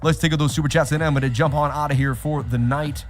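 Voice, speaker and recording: A man hosting a live trading stream, talking straight to his chat in an animated, repetitive way. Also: a little high, fast, faint music behind. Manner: animated, repeats himself, talks straight to chat. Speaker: livestream host. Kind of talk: casual livestream chat.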